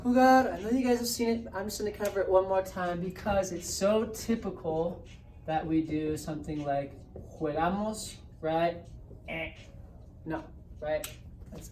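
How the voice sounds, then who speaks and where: Woman teacher going slow through a grammar lesson, lowish voice, faint hiss behind. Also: mellow. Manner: patient, explaining step by step, checks in with "right?". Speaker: Spanish teacher. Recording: roomy echo, distant mic, faint hiss.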